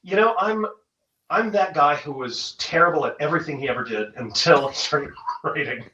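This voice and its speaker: A man's voice: on the high side, normal speed, sharp tone, reverberant, recorded from a distance, muffled recording. A man, a guest author, chatting casually and self-deprecatingly, with frequent restarts. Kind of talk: casual interview chat.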